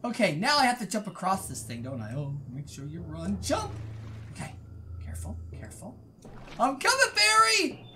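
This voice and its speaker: A woman giving excited, chatty commentary while playing a video game, often exclaiming and laughing. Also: mid-range voice, normal speed, a little hiss or hum. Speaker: gaming let's-player.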